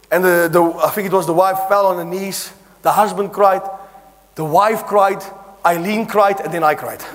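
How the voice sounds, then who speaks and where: Animated preacher, high voice. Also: male voice, long reverb tail, a little hiss or hum. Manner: animated, acts out dialogue, laughing asides. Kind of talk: storytelling sermon.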